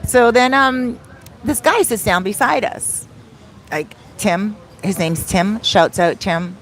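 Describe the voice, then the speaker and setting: Speaking slowly at a medium pitch, this woman from Canada records a casual vlog on her phone, wandering through a story full of laughs and digressions. She works as a travel vlogger and soul coach.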